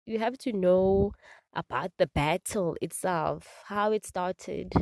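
A woman's voice: on the low side, slow pace, a little mellow, dry recording. A woman hosting a faith podcast, talking earnestly from her parked car without a proper microphone, with many fillers and repeats. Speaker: podcast host. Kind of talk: casual faith talk. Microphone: phone or built-in mic, no proper microphone.

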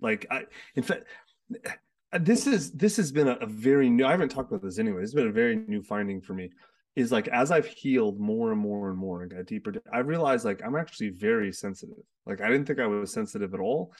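A man's voice: lowish voice, lively intonation, a little fast, darkish tone, recorded from a distance. A man hosting a casual, heartfelt conversation, rambling with lots of restarts and fillers. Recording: sits away from the mic.

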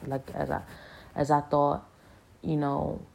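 A woman giving an earnest personal testimony in a halting, casual way, full of restarts and fillers. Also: sits low, level tone, vocal fry, a little mellow. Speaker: speaker sharing a spiritual experience.

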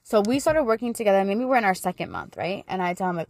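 A woman in her thirties hosts a motivational talk in a casual, encouraging way. Her voice sits at an ordinary middle pitch, recorded dry and close with little room sound. She speaks with fervent, faith-filled warmth of conviction. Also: lively intonation, fast talker, few pauses, no echo. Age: 30s. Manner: emotional and fervent in praise. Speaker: podcast host and life coach.

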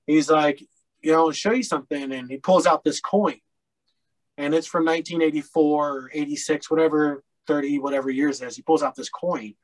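A man's voice: on the high side, steady tone, fairly quick, low-quality recording. Candid, rambling man from Colorado. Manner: candid and rambling, with frequent fillers and blunt swearing. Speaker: podcast guest. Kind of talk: casual storytelling interview.

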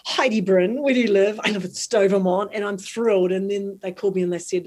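A middle-aged New Zealand woman with a mid-pitched voice, telling stories in an interview. She is animated and lively and giggles easily, with a New Zealand accent throughout. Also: fairly quick, slight background noise. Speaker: guest, marathon swimmer. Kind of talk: storytelling in conversation.

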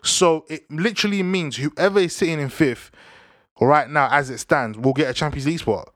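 A man's voice: fairly high pitch, normal speed, a bit bright, dry recording, studio quality. A young man with a London accent who talks casually in heavy slang, repeating himself and handing out advice as he chats about the news and football. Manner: slangy, repetitive, preachy. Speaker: podcast host.

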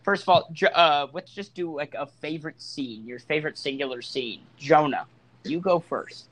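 Man, a bit high-pitched, casual podcast host, enthusiastic. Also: moderate pace, a bit bright. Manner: enthusiastic, leads the discussion. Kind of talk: casual movie review chat.

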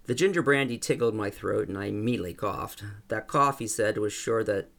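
A man reading a first-person story aloud in a calm, even way. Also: fairly low pitch, brisk, creaky. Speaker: narrator.

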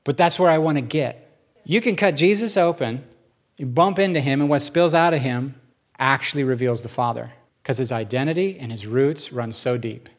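A man's voice: medium pitch, moderate pace. A man teaching in church in an earnest, conversational sermon style, telling stories with animation.

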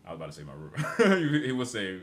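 A man's voice: deep voice, animated, racing. A man co-hosting a podcast, telling profane workplace stories in a casual chat and laughing through them. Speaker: podcast co-host.

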